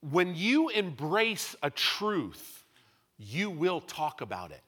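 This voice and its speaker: Animated, high-voiced male preacher. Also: slow, husky. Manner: dynamic preaching, swings from loud bursts to quiet asides. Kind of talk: sermon.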